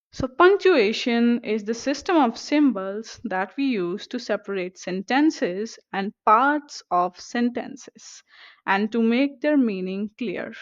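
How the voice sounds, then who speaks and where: A woman teaching a scripted grammar lesson, speaking slowly and carefully. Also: fairly high pitch, no room sound. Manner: slow, careful and deliberate. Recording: dull, lo-fi recording.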